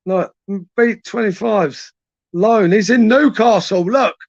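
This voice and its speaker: A man's voice: high voice, takes it slowly, no echo, highs cut off. A young man hosting a late-night live chat stream, reading viewers' messages and bantering crudely in laddish slang. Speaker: livestream host reading chat.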